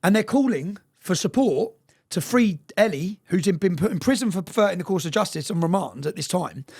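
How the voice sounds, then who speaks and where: A man telling a story fast and bluntly in a casual interview, swearing freely and often checking in with "yeah?". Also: high-pitched, lively intonation, darkish tone, husky.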